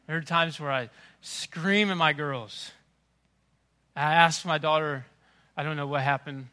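A man preaching with a bright, ringing tone and a voice pitched a bit above the usual. He is middle-aged and swings between hushed, tender phrases and loud, impassioned emphasis. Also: measured pace, pauses often, clean tone. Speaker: pastor. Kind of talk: sermon.

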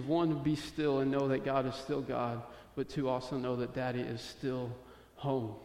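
A young man preaching a sermon, telling a story from home, then building to loud, urgent pleading. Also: mid-range voice, little pitch movement, normal speed, few pauses. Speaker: pastor. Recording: echoey hall with long reverb.

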